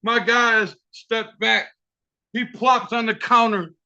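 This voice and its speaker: Male open mic storyteller, profane and vivid, bright voice, lo-fi call audio. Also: very high-pitched, steady tone, slow pace.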